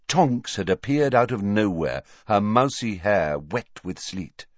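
A man narrating an audiobook with expressive storytelling. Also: fairly low pitch, a little slow, hardly any pauses, no room sound, highs cut off.

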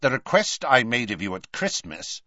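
A man's voice: mid-range voice, big pitch swings, normal speed, sharp tone, no echo, highs cut off, voice pushed up. A man voicing a cold, stiff middle-aged male minister in an audiobook.

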